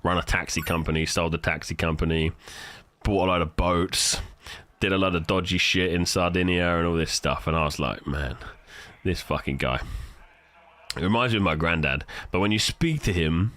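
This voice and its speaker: Deep-voiced swearing British streamer. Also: male voice, fairly quick. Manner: profane, animated storytelling. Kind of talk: casual livestream chat.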